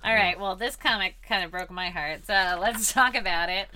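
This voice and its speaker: A woman's voice: mid-range voice, moderate pace, bright, forceful tone, slight background noise. A woman co-hosting a podcast in casual chat, teasing and laughing often, recorded in a comic book store. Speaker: podcast co-host.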